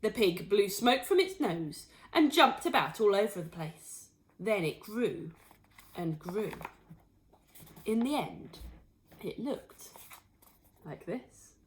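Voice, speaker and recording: A woman teacher reading a storybook aloud to children, expressive and pointing out the pictures as she goes. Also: mid-range voice, slow pace, long pauses. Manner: expressive, shows pictures to listeners.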